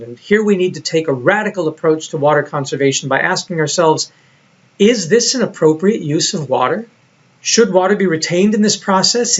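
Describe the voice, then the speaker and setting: A man narrating a recorded lecture in a reflective, storytelling way, on a dull lo-fi recording. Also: a little high. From United States.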